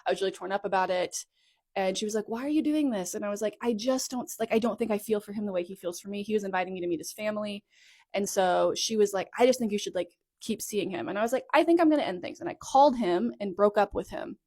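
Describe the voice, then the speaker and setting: A woman in her thirties talks straight into her phone at home in a relaxed storytime style. She rambles and circles back, fills her sentences with "like," and corrects herself as she goes. Her pitch sits in a middle range for a woman. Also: fast. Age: 30s. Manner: rambling and chatty, full of "like" asides and self-corrections. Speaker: content creator telling her life story. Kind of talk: casual storytime monologue.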